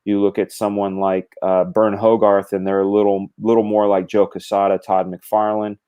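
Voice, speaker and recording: A middle-aged comic book artist, appearing as a guest, explains drawing craft in casual conversation, animated, gesturing and quoting his own thoughts. His lowish voice is mellow and smooth, level in tone and at a normal speed.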